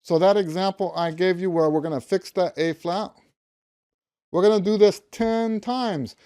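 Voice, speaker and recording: Emphatic mellow-voiced male music teacher. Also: sits high, normal speed, smooth. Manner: emphatic, repeats key words, hums note syllables. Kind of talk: instructional talk to camera.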